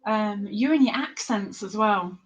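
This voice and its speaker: A woman from England with a non-London English accent hosts a crochet livestream, chatting casually with viewers by name as she reads the chat and laughs often. Her voice is mid-range and a little slow, and the recording has its highs cut off.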